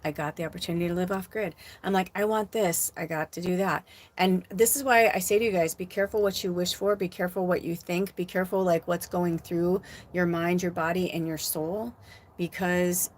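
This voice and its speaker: A woman in her forties from Illinois, a spiritual medium telling her life story in a casual live stream, animated and swearing as she acts out what she said. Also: fairly low pitch, brisk. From Illinois, USA.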